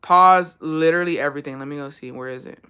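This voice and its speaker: A woman's voice: sits low, quick pace, sharp tone, smooth. A woman vlogger giving blunt, profane advice in a casual chat, telling a story with lots of swearing.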